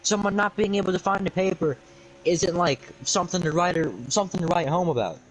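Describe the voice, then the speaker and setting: A man's voice: high voice, a little fast, a little hiss or hum, low-quality recording. A young man telling an exasperated, sarcastic, rambling story on a livestream. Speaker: streamer.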